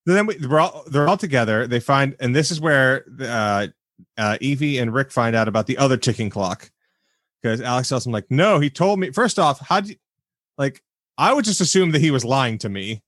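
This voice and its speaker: A man's voice: medium pitch, lively intonation, moderate pace, fairly bright tone, no room sound, studio quality. A man co-hosting a movie podcast, walking through the plot in a chatty way and quizzing the others. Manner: chatty, leads the recap with questions. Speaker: podcast co-host. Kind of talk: casual movie recap chat.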